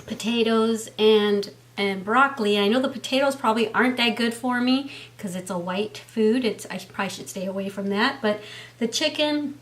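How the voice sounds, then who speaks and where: A woman, chatting heartfelt to camera at home with frequent "um" fillers. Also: on the high side. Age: 50s. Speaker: beauty and health vlogger. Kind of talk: casual chat to camera.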